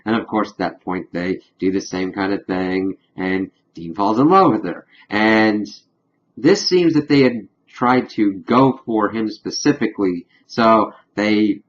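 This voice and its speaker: A man recapping a TV episode in a casual review vlog, chatty and slipping into quick acted-out asides. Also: on the low side. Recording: dull lo-fi recording.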